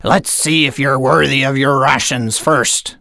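A woman voicing a gruff, stern but kindly male pirate captain in a read-aloud storybook. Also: very deep voice, fairly even intonation, measured pace, bright, forceful tone, no echo, clean studio sound, exaggerated voice.

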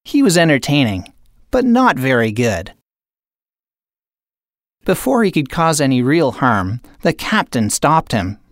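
A woman narrator reading a children's picture book aloud in an expressive, unhurried way. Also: extremely low pitch, dry recording, studio quality. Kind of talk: storybook read-aloud.

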